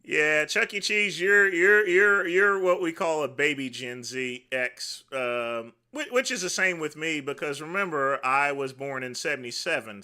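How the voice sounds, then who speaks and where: A man's voice: medium pitch, sharp tone, clean tone. A man in his forties, host of a livestream, rambling in casual chat with many fillers. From United States. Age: 40s. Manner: rambling, repeats himself, lots of "you know".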